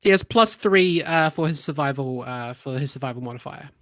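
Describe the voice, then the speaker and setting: A man narrating a tabletop game as game master in a relaxed, rambling way. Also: on the high side, brisk, dry recording, clean studio sound. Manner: relaxed, rambling, many ums and uhs.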